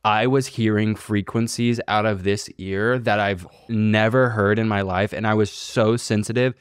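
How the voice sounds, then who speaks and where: A man's voice: lowish voice, fairly even intonation, normal speed, smooth, no room sound, clean studio sound. A man casually telling a long, rambling story on a podcast, swearing and using lots of filler words. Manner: rambling, profane, filler-heavy delivery. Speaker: podcast co-host.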